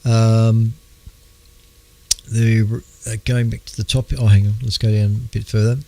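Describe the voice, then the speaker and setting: Australian guy hosting astronomy radio, gravelly voice, lots of ums and throat clearing, kinda losing his voice. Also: fairly low pitch, level tone, dark tone. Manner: halting, with many fillers, clears throat often. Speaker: radio show host. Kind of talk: casual astronomy news talk.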